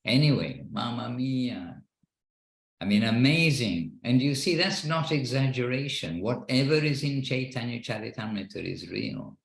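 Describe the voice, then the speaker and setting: A man's voice: medium pitch, expressive, normal speed, creaky, hardly any pauses, echoey room, rough recording. A man leading an online devotional class over a video call, talking in an earnest, rambling way with frequent restarts. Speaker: class leader. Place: home in Wexford, Ireland, on a video call.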